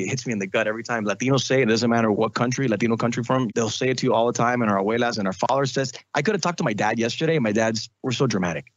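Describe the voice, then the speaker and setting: A man who is a radio and podcast host, talking casually in an interview and telling animated stories. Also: fairly low pitch, racing, few pauses, no echo, lo-fi sound. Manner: animated storytelling, mimics relatives.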